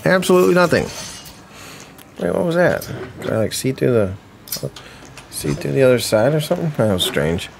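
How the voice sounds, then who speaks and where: Animated, playful let's-play host. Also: medium pitch, moderate pace, vocal fry, long pauses, slight background noise. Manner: playful, animated, with mock-panicked cries and teasing calls. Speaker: gaming channel host.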